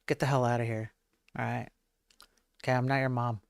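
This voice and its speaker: A man's voice: medium pitch, level tone, brisk, vocal fry, long pauses, smooth, no echo, clean studio sound. Rambling self-deprecating male streamer. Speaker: livestream host. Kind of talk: casual live-stream chat.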